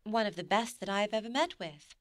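A woman's voice: medium pitch, very animated, moderate pace, fairly bright tone, dry recording, studio quality. A woman voicing an eager, playful young wife who coaxes and wheedles. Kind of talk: audiobook character reading.

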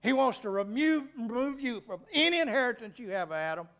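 A man's voice: very high voice, brisk. A middle-aged man, preaching a sermon in a folksy, emphatic way. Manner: folksy, animated preaching with rising emphatic peaks. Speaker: pastor.

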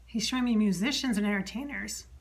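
A woman medium talking alone, chatty, relaying an unseen spirit's words and often dropping to a soft whisper. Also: mid-range voice, quick pace. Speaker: psychic medium. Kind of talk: solo channeling monologue.

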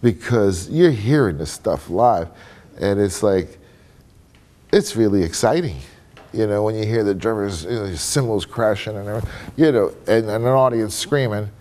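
A man's voice: fairly low pitch, animated, normal speed, warm tone. A man speaking as a guest trumpet player in a casual panel discussion, talking in a loose, candid way. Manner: loose and candid, peppered with "you know" and "man". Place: conference room before an audience.

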